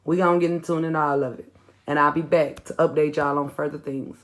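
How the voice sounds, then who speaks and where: Talking fairly quickly in a deep voice with fairly even intonation, a woman hosting a commentary channel speaks bluntly and in slang right to her viewers. She scolds, then winds down; it's casual reaction commentary with a roomy sound.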